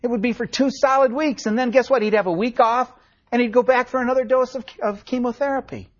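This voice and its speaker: A man preaching a sermon as pastor, earnest and impassioned, swinging from raised cries down to hushed, quiet lines. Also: very high voice, fairly even intonation, fast. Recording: dull lo-fi sermon recording.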